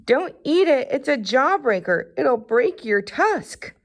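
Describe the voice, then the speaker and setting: A woman voicing a small, anxious male mouse sidekick in a storybook reading, squeaky and fussy. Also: big pitch swings, takes it slowly, full character voice. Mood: alarmed.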